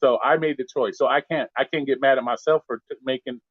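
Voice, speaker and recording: A man's voice: mid-range voice, fairly even intonation, fast talker, husky, dry recording, highs cut off. A man, a delivery driver, telling stories in casual live-stream chat, blunt and profane, acting out both sides of arguments. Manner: profane, blunt storytelling with quoted back-and-forth. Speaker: gig delivery driver, co-host.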